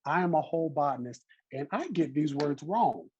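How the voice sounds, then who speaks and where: Lively Southern man teaching an online class. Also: on the high side, normal speed, slightly rough, muffled recording. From American South. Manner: lively, encouraging, chatty teacher. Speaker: botany class instructor.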